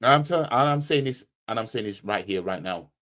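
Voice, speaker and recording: A man's voice: lowish voice, lively intonation, fairly quick, fairly bright tone. A man hosting a football fan channel, giving a heated, blunt match reaction full of slang and repeating himself for emphasis.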